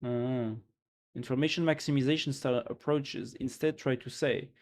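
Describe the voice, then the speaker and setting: A man on a live stream reads dense technical notes aloud in a casual, steady voice of ordinary middle pitch and moderate pace. He thinks out loud as he goes, restarting phrases and trailing off with offhand asides like "or whatever."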